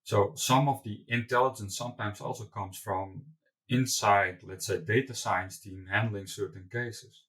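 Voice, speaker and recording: A man's voice: lowish voice, fairly even intonation, a little slow, fairly bright tone, distant mic, low-quality recording. A man, a company founder being interviewed, answering candidly with loose asides and restarts. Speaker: company founder and CEO, guest.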